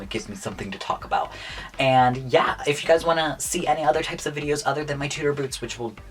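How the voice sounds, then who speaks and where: A man's voice: mid-range voice, quick pace, fairly bright tone, a little hiss or hum. A young man in a casual vlog, chatting through his opinions on contestants' looks, gushing one moment and blunt the next. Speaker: YouTuber reviewing contestants' looks.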